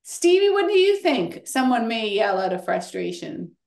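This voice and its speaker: A gravelly, high-pitched woman hosts a kids' workshop, teaching in a lively, classroom style with a roomy echo around her voice. She's encouraging and animated, counting the children in and keeping them engaged with quick praise.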